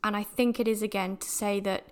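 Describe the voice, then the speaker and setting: A woman's voice: medium pitch, steady tone, fairly quick. A young British woman from the UK hosting a podcast, talking casually about a film in a chatty, rambling way. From United Kingdom. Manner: chatty and rambling, with many restarts and fillers. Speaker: podcast host.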